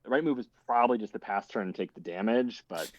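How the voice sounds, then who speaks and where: Male player, low register, hesitant self-critical post-game talk, dull dry call audio. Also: fast, dry recording.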